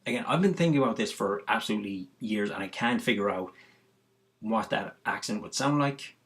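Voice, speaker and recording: Rambling Irish man with a lowish voice. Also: animated, fairly quick. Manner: rambling, heavy on fillers and restarts. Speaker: vlogger. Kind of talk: casual musing monologue.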